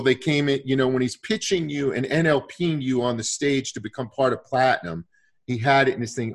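A man casually telling a story in conversation, animated and often slipping into the quoted voices of others. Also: a little high, creaky. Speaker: guest storyteller.

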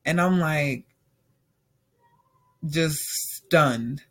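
A woman's voice: sits low, drawn-out words. A young woman telling a personal story in a casual monologue, acting out the dialogue as she retells it and using "like" often. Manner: animated retelling, acts out quoted dialogue, frequent "like".

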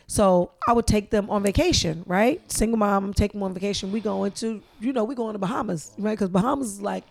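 A middle-aged woman, co-hosting a casual chat and telling stories in an animated way, with loud exclamations. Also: mid-range voice, a little fast, vocal fry. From New York. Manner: animated storyteller, bursts into loud exclamations and laughter. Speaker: podcast co-host.

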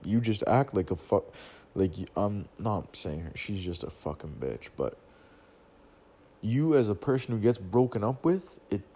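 A man's voice: fairly low pitch, sing-song, unhurried, dark tone, a little hiss or hum. A young man telling a long personal story as a casual rant, rambling, swearing constantly and full of slang.

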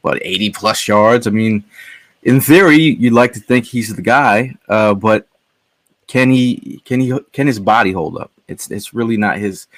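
A man's voice: on the low side, unhurried, dry recording. A man from Connecticut, a podcast guest, telling a story in casual chat with lots of fillers and restarts.

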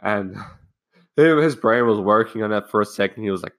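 A young podcast host rambles through a casual self-help talk, swearing freely as he recounts a school story and acts out the quoted lines of the people in it. His voice is fairly low and his speed normal.

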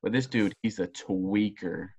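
A young man, a former college football player, telling long rambling stories in casual podcast talk, profane and animated. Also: on the low side, a little slow, slightly rough. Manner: rambling, profane, animated storytelling with voiced quotes.

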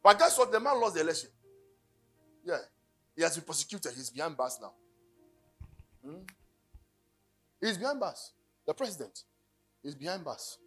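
Ghanaian preacher, high and husky, animated storytelling sermon, faint music behind. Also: male voice, moderate pace, long pauses. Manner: storytelling, animated, joking, sudden loud bursts. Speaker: pastor.

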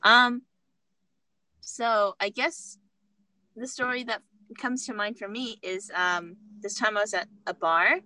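A woman's voice: mid-range voice, fairly even intonation, slow, pauses often, pushed and bright, no room sound. An American woman, a podcast guest, telling a story candidly and acting out the dialogue. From United States. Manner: candid, laughing, acts out dialogue. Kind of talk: casual storytelling.

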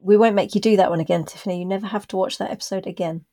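Woman podcast co-host, mid-pitched, dry self-mocking humor, thoughtful and explanatory. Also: fairly even intonation, very fast, warm tone. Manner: thoughtful, explains her views at length. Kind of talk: casual chat reviewing a TV episode.

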